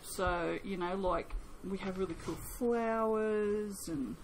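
An Australian woman makes soap in her home workshop, chatting casually for a vlog in a rambling, self-mocking way. Her mid-range voice moves slowly, and the recording is rough with slight background noise.

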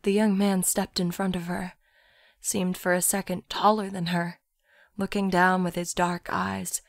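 A woman narrates a literary story in a soft, hushed voice that often sinks toward a whisper. She reads slowly and evenly, and the recording is close and dry, with no echo. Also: lowish voice, little pitch movement. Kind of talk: audiobook story reading.

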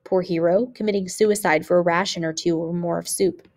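A woman teacher reading a memoir aloud for students, with expressive delivery that rises on exclamations. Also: on the low side, fairly quick.

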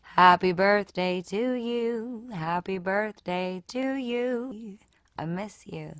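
A woman putting on a famous pop star sending birthday wishes, speaking softly and half in a whisper. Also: mid-range voice, slow pace, no room sound, clean studio sound, lightly acted. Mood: intimate.

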